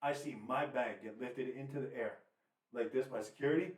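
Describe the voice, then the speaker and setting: A man co-hosting a podcast, telling animated, swearing stories and acting out the people in them. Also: mid-range voice, a little fast, distant mic. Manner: animated, swearing, acts out quotes. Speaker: podcast co-host. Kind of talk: casual storytelling chat. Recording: roomy, off-mic sound.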